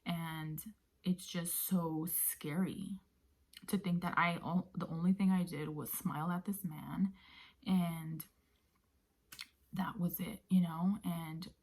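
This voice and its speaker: A woman vlogger casually telling a personal story, often sinking into a breathy near-whisper, with many fillers. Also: on the low side, fairly even intonation, takes it slowly, a little mellow. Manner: conversational with many fillers like "you know".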